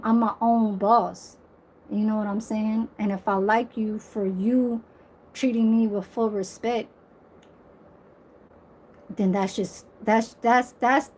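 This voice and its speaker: A woman's voice: mid-range voice, a little mellow, slight background noise. A woman in her forties talking to camera in a blunt, emphatic, profane way. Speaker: vlogger. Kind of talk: casual monologue to camera.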